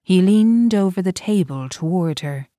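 A woman narrating a novel in an even, deliberate storytelling manner. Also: fairly low pitch, no room sound, studio quality. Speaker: audiobook narrator. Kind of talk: scripted narration.

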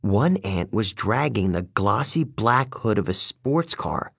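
Male storyteller, low-pitched and husky, measured first-person narration. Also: big pitch swings, a bit bright, dry recording, studio quality. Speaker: audiobook narrator.

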